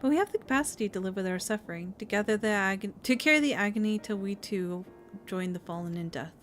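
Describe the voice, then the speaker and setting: A woman voicing a composed village leader in a fantasy game, speaking in a solemn, formal, steady way. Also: medium pitch, fast, faint music behind, lightly acted.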